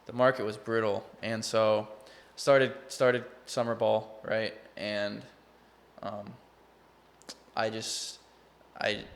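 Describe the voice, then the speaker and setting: A man's voice: fairly low pitch, flat delivery, slow pace. A young man from Texas with a Texan accent, a college baseball player guesting on a podcast, telling his story in an earnest, rambling way. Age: young adult. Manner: rambling, restarts often, earnest. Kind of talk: casual interview chat.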